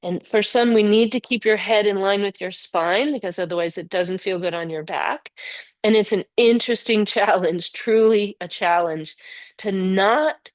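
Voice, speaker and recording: An older woman teaching a yoga class, giving steady cues and praising students by name. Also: mid-range voice, moderate pace, no room sound. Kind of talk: live yoga class instruction. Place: yoga studio.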